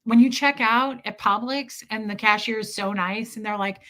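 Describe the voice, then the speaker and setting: A young woman hosting a live stream, chatting casually and reading out viewers' names in an animated, chatty way. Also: a little high, normal speed, hardly any pauses. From Midwest US. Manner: chatty, animated, reads chat names aloud. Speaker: livestream host.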